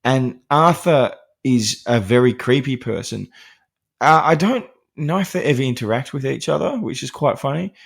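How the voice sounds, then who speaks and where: A man's voice: medium pitch, lively intonation, moderate pace, vocal fry, slightly rough. A man hosting a podcast, talking through a film in a casual, rambling way with many fillers and restarts, laughing lightly between points. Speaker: podcast host discussing horror films.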